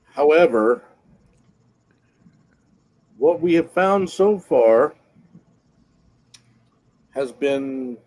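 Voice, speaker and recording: A man plays his character in a tabletop game, speaking politely and slowly with formal wording. His pitch rises and falls a great deal. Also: expressive, darkish tone, a little hiss or hum, rough recording. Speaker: player. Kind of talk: in-character tabletop role-play.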